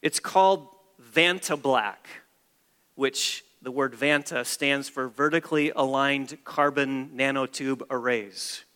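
A man's voice: medium pitch, takes it slowly, pushed and bright, smooth, big-room sound. A man preaching a sermon as a pastor, emphatic and repeating key phrases for stress.

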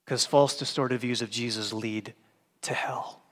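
A male pastor preaching a sermon with emphasis, dropping low and soft when he quotes scripture. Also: steady tone, a little slow. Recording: long hall reverb.

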